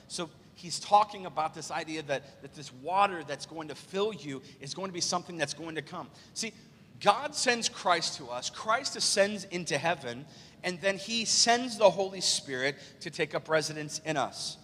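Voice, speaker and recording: A man preaching an excitable, animated sermon as pastor in a church sanctuary. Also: a little high, moderate pace, a little hiss or hum. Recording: long church hall reverb.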